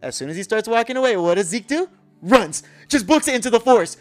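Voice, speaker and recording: Man co-host, rapid-fire profane anime recap, music faint underneath. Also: lively intonation. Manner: profane, acts out character lines in a low voice. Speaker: podcast co-host. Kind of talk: excited anime episode recap.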